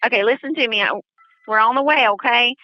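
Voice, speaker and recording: A woman working as an emergency dispatcher, calmly reassuring a hurt caller and asking questions on a phone line. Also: a little high, quick pace, no echo. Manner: calm, reassuring. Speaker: 911 dispatcher. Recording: dry muffled phone call recording.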